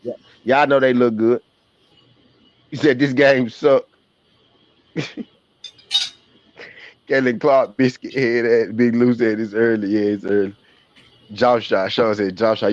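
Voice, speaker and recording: A man's voice: lowish voice, level tone, unhurried, pauses often, darkish tone, no room sound. Joking southern man on a dull stream. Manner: joking, trash-talking, slangy, laughs often. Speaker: streamer hosting a game watch party. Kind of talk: casual live-stream commentary.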